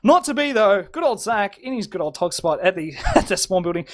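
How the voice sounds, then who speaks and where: A man doing live play-by-play commentary on a competitive shooter match, excitable and stumbling over repeated words. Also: high-pitched, brisk. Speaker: esports shoutcaster. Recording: noisy game audio underneath.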